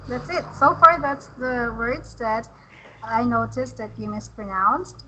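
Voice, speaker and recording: A woman tutoring English, patient and encouraging, modeling words slowly for a learner. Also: fairly high pitch, pushed and bright, slight background noise, low-quality recording. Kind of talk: online English lesson.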